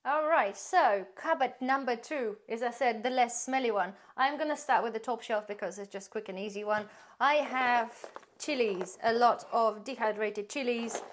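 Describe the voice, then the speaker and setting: Chatty higher-voiced woman vlogger. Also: moderate pace, few pauses. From UK-based. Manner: chatty, rambling, laughs often. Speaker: prepping vlogger. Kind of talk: casual pantry tour.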